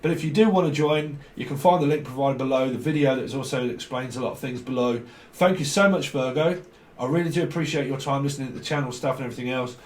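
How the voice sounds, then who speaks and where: With a fast, mid-range voice, this tarot reader from near London wanders through his reading, free-associating, cursing and laughing softly. Sound is roomy, picked up by a distant mic.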